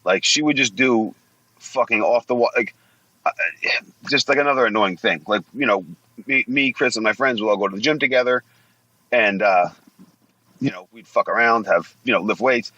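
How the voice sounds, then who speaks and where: A man's voice: mid-range voice, normal speed, pauses often, bright, forceful tone, dull audio. A man in his forties, a former wrestler guesting on a podcast, telling blunt, profanity-laced stories in a rambling, casual way. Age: 40s. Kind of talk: casual storytelling interview.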